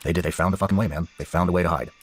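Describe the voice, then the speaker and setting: A man's voice: deep voice, fairly even intonation, racing, slightly rough. A middle-aged man hosting a talk show, speaking bluntly and swearing often in heated casual conversation. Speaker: podcast host.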